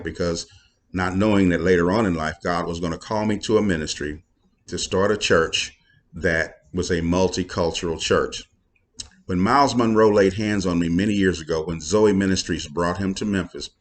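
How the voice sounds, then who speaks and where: A middle-aged man, a pastor talking casually to viewers in a folksy, preachy way with playful asides. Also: deep voice.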